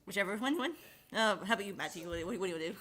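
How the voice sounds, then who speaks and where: Giggly bright-voiced woman in her twenties. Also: medium pitch, animated, racing. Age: 20s. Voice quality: nasal at times. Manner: giggly, chatty, self-conscious. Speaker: host. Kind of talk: casual chat.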